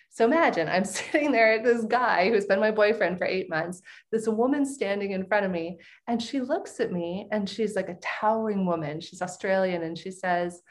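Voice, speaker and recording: A middle-aged woman, a podcast guest, telling a personal story in a lively, expressive way and laughing often. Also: medium pitch, normal speed.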